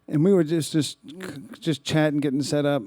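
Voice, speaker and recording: A singer-songwriter telling a rambling, self-deprecating story between songs at a small club. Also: male voice, on the high side, fairly even intonation, moderate pace, mellow, no echo. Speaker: singer-songwriter performing live. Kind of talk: relaxed stage banter between songs. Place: small live music club.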